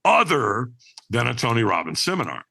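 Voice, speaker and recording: A man, a podcast guest, telling a personal story with animated energy, acting out other people's lines and often checking in with "right?". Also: mid-range voice, moderate pace, gravelly.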